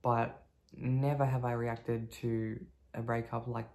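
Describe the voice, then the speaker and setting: A woman in her thirties telling her own story on a video diary. She talks candidly and casually, swears freely and fills pauses with lots of ums. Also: rumbling low, level tone, mellow. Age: 30s. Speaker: vlogger.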